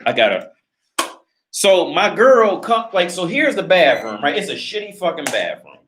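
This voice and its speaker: Filmed with a hand-held phone or camera, a man hosts a casual livestream from his little apartment, telling a story with lots of swearing and laughter. His high voice is very animated and a bit bright at normal speed, and there's a little hiss or hum.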